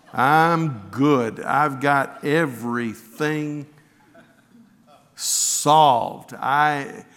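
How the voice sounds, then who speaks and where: A man's voice: medium pitch, fairly bright tone. A man preaching a sermon, reading scripture and telling stories in an earnest way, often restarting with repeated words. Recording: long hall reverb.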